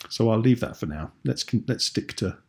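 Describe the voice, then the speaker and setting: A man with a British accent teaching a writing lesson in a patient, clear, explanatory way. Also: lowish voice, expressive, moderate pace, background noise. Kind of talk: tutorial video lesson.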